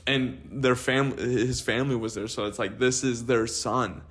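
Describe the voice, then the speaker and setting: A man's voice: mid-range voice, steady tone, measured pace, a bit bright. A young man in casual chat, earnestly rambling through a heartfelt story.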